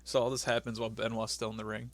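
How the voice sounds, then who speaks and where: A man's voice: fairly low pitch, little pitch movement, rapid-fire, no echo. A man co-hosting a podcast, chatting casually about an old wrestling show and laughing as he acts out what people said. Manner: laughing, acts out quotes in loud mock voices. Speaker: podcast co-host. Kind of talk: casual wrestling recap chat.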